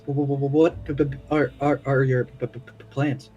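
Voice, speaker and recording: A man's voice: mid-range voice, level tone, brisk, warm tone, highs cut off, soft background music, natural voice. A man doing a badly stammering envoy. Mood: stammering, pleading. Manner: heavy stutter, repeated syllables. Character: nervous stammering male merchant's envoy. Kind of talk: tabletop role-play.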